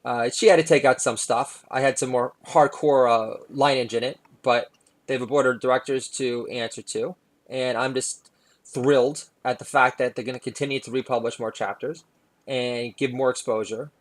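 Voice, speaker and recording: A man's voice: medium pitch, fairly even intonation, normal speed. A middle-aged man, a comedian hosting his own podcast, delivering a rambling, sardonic monologue full of "uh"s. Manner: sardonic, filler-heavy delivery with frequent "uh".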